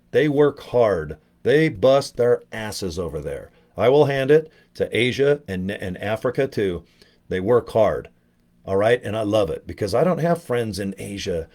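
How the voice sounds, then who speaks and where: A man's voice: lowish voice, a little mellow. A middle-aged man promoting network marketing in a casual motivational video, talking in a loose, rambling way with frequent swearing and restarts.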